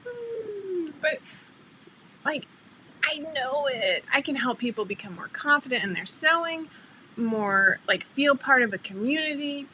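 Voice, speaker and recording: Bright-voiced woman hosting a chatty livestream. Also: on the high side, slight background noise, low-quality recording. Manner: chatty, laughs often, greets viewers by name. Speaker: livestream host. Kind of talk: casual livestream chat.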